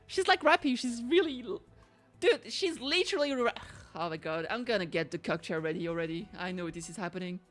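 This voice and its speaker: A young woman streaming a game, chatting excitably, giggling and swearing freely. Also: medium pitch, brisk. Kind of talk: casual gameplay commentary.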